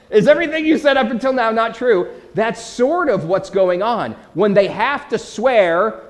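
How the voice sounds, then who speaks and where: Guy preaching, bit high voice, punchy and direct, keeps asking the crowd questions. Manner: emphatic, asks the listeners questions. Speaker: pastor. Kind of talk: sermon.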